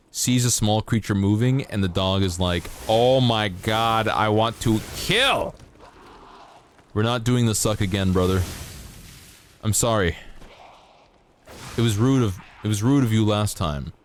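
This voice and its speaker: A man's voice: on the low side, unhurried, pauses often, a little mellow, slight background noise. A man streaming a game live, chatting casually and playfully with his viewers while he plays. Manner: rambling, playful, talking to chat while playing. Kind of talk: live gameplay stream chat.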